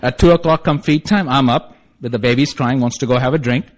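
A man with a mid-range voice and a non-native English accent tells a funny story about his recovery, talking fairly quickly and laughing at himself wryly. Some chatter can be heard behind him.

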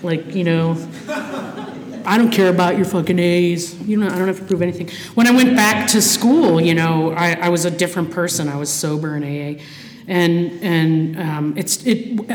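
Candid, profane speaker in an echoey hall. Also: female voice, fairly low pitch. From Ohio, Cleveland area. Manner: candid and profane, with frequent fillers and restarts. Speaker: speaker at a recovery meeting. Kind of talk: personal testimony from a podium. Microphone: podium microphone.

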